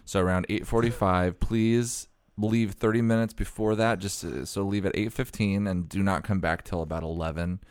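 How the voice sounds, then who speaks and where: A man co-hosting a comedy podcast, speaking in a deadpan mock-serious way on a prank call. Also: deep voice, moderate pace, few pauses, dry recording, studio quality. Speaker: podcast co-host. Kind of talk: casual comedic chat, prank phone call.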